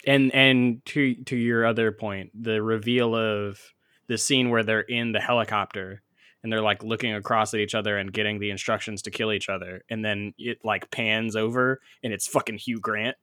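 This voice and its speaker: A man's voice: on the low side, level tone, moderate pace, sharp tone, dry recording, studio quality. A man hosting a casual movie podcast, laid-back and jokey, swearing freely. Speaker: podcast host. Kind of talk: casual chat.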